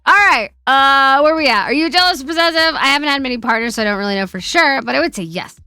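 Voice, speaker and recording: Female streamer host with a bright, fairly high voice, loose and profane. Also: lively intonation, quick pace, no room sound, studio quality, soft background music. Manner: chatty, laughs often, swears freely. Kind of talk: casual chat.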